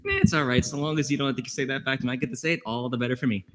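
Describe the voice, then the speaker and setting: A man's voice: mid-range voice, steady tone, very fast. A young man giving a chatty, joking committee report at a student government meeting, with quips and trivia asides. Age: young adult.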